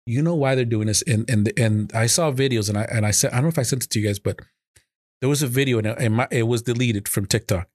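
A man's voice: medium pitch, quick pace, darkish tone, dry recording. A man hosting a political podcast, talking heatedly and emotionally with stammering restarts and swearing. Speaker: podcast host.

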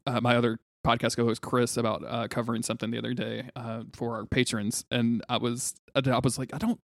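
A man co-hosting a podcast in casual chat, telling stories in an animated way and acting out what others said. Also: mid-range voice, brisk, creaky, dry recording, clean studio sound. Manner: animated storytelling, acting out quotes. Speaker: podcast co-host.

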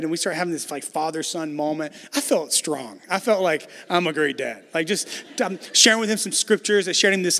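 High-voiced pastor preaching in a reverberant church. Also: male voice. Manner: animated storytelling, acts out dialogue. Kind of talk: sermon. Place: church sanctuary. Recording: long hall reverb in a church.

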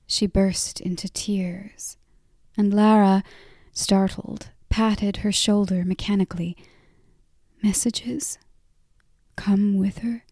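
A woman narrating a story in a whispered role-play, softly and unhurriedly. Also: medium pitch, steady tone, no echo, clean studio sound. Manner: soft, unhurried reading.

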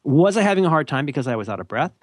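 A man's voice: fairly high pitch, sing-song, racing, no room sound, studio quality. A man co-hosting a podcast, chatting casually and giving advice in a self-deprecating, rambling way, with lots of restarts. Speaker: podcast co-host. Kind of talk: casual conversational advice chat.

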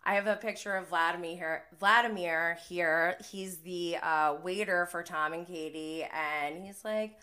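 A woman with a bright, crisp edge to her voice hosts a casual reality TV recap. She rambles in a loose, conversational way, full of "like" and quick laughs. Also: on the low side, steady tone. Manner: chatty, heavy use of "like", often laughing. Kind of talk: casual live-stream recap commentary.

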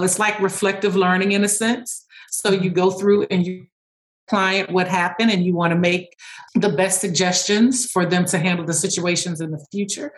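A woman speech-language pathologist, a guest in an interview, explaining her therapy methods. She tells stories in an animated way and laughs often. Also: lowish voice, normal speed, rough recording.

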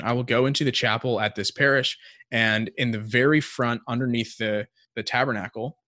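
Man, podcast co-host, casual faith talk, reflective, thinking aloud, middle pitch, dry close recording. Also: bright, forceful tone, no room sound.

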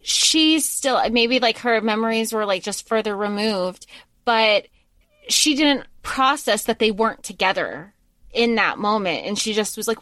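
A woman co-hosting a podcast, blunt and animated as she breaks down movie scenes. Her voice is a little high, and the recording is close and dry. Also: a little slow, no room sound. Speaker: podcast co-host. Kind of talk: casual movie discussion.

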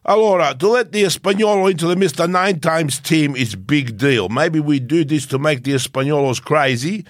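A man's voice: fairly high pitch, moderate pace, no room sound, clean studio sound, pitched above the performer's own voice, natural voice. A man doing a comic impression of a scheming older Italian racing team boss, with a put-on Italian accent and broken English.

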